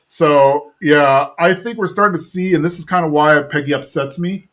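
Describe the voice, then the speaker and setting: A man's voice: on the high side, moderate pace, fairly bright tone. A male podcast host casually retelling an episode, talking loosely with lots of fillers. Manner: chatty retelling full of fillers.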